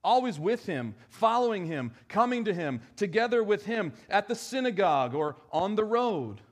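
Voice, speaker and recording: Pastor preaching, swinging loud to hushed. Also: male voice, high voice, big pitch swings, moderate pace. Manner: conversational preaching with wide swings from emphatic to hushed. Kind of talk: sermon. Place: church.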